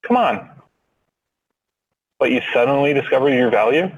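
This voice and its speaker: A man's voice: mid-range voice, animated, moderate pace, slightly rough, dull audio. A man co-hosting a podcast, chatting casually in a wry, skeptical way. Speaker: podcast co-host. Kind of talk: casual chat.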